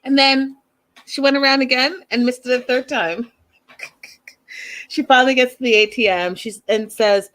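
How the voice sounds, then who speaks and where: A woman's voice: fairly even intonation, moderate pace, long pauses, a bit bright. Chatty opinionated woman recapping TV. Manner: chatty, opinionated, acts out quotes in a high voice. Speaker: host recapping a reality show. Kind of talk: casual recap chat.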